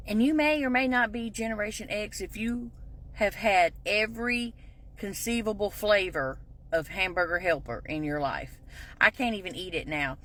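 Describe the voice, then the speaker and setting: A woman's voice: medium pitch, normal speed, sharp tone, slight background noise. A middle-aged woman, telling sassy, folksy stories in a casual comedic monologue. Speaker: vlogger.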